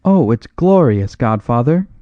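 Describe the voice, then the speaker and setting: A man doing an excited young woman. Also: on the high side, normal speed, no room sound, muffled recording, pitched above the performer's own voice. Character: eager young woman, lively and girlish.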